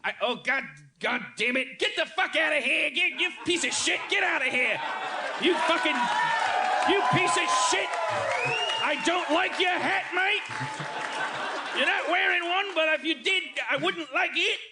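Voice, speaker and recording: A man putting on a shouting mock-Australian grump. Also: very high voice, measured pace, over a noisy crowd, voice pushed up. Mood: furious. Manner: shouting, rising question-like endings. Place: live stage before an audience. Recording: live show with audience noise.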